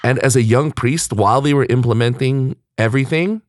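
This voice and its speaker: A man hosting a podcast in casual chat, animated and quick to laugh, often jumping up high for emphasis. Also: no echo, studio quality. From United States. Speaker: podcast host. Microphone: studio mic.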